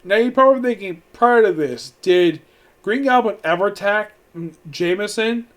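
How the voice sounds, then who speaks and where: A man with a strikingly high voice reviews a movie loosely and casually, rambling, restarting sentences and saying "like" a lot. He's animated and amused by what he describes, speaking at a moderate pace.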